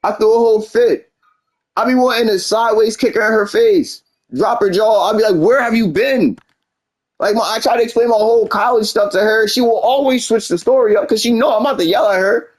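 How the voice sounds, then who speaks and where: Young man, high voice, rambling frustrated venting, casual streamer talk. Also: steady tone, fast. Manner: rambling, frustrated storytelling with quoted back-and-forth.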